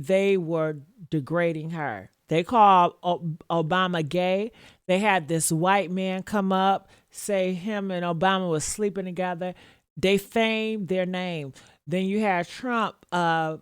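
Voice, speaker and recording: A woman's voice: lowish voice, takes it slowly, clear, resonant tone, no room sound, studio quality. A woman giving casual reaction commentary, sassy and mocking, laughing often and talking straight to her viewers.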